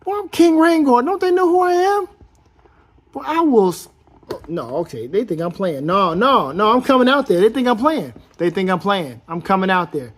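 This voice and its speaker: A man's voice: high voice, sing-song, fairly quick, a bit bright, husky, exaggerated voice. A man voicing a boastful toy king who is ready for battle, brash and slangy.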